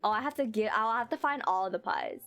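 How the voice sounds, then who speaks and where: A woman's voice: on the high side, expressive, fairly quick, fairly bright tone, faint music behind. Playful swearing woman streamer. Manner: playful, swears freely, reads game lines aloud. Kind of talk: casual game stream chat.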